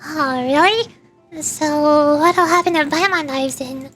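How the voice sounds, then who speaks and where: A woman's voice: sits high, takes it slowly, fairly bright tone, faint music behind. A woman voicing a tiny floating female companion in a game, curious and blunt.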